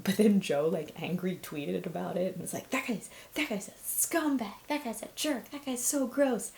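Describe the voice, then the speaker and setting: A woman's voice: fairly low pitch, creaky, warm tone, reverberant. A young woman telling personal stories in a candid, conversational way, with frequent fillers and short laughs. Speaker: host. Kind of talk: personal storytelling vlog.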